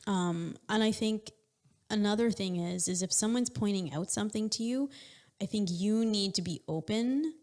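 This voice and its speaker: A woman's voice: mid-range voice, moderate pace, a little mellow. A middle-aged woman talking casually as co-host with her husband, thoughtful and explaining, with many fillers. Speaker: co-host, wife. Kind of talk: casual conversation.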